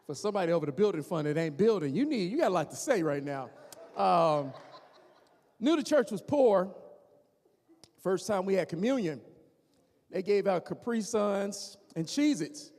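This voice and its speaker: Man, stand-up comedian, teasing crowd work, high voice, long hall echo. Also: moderate pace, long pauses. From Gary, Indiana, USA. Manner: animated, teasing, talks straight to the audience. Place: church hall before a live audience. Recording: reverberant church hall.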